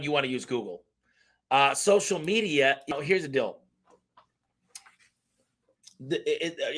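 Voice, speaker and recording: A man hosting a live question-and-answer stream, giving blunt, emphatic business advice and acting out little customer stories. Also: medium pitch. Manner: energetic, emphatic, blunt, with acted-out customer quotes; talks fast by his own account.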